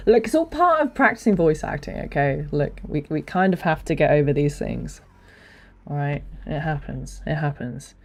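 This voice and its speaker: A young woman streamer with a deep voice, chatting casually into a desk mic on a stand, rambling and self-deprecating with lots of fillers and restarts. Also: animated, normal speed. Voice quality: low, deep voice. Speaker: streamer and hobby voice actor. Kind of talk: casual livestream chat. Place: home streaming setup.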